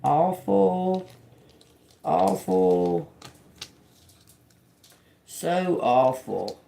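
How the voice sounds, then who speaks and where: Female tarot reader on a live stream; drawn-out, gravelly delivery, casual and musing. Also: fairly low pitch, expressive, mellow. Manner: slow, musing, repeats words as she reads them out; casual, swears and laughs to viewers.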